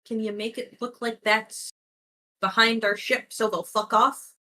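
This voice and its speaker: Bright-voiced blunt woman player. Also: fairly high pitch, flat delivery, a little slow. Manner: blunt, joking.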